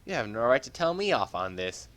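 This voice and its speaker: A man voicing a haughty young queen who speaks low, stern and clipped. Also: sing-song, fairly quick, fairly bright tone.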